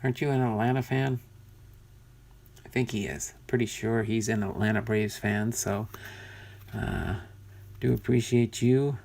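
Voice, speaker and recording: A man's voice: on the low side, fairly even intonation, measured pace, gravelly, long pauses, a little mellow. A man casually talking through a box of cards, thinking aloud and muttering as he sorts them. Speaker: card collector vlogger. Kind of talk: casual unboxing commentary.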